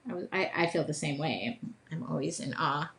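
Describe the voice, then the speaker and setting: A woman with a slightly low voice runs a casual live drawing class from her home studio. She chats as she works, upbeat and self-deprecating, thinking out loud about each stroke. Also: normal speed, gravelly. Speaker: art teacher hosting a live drawing session.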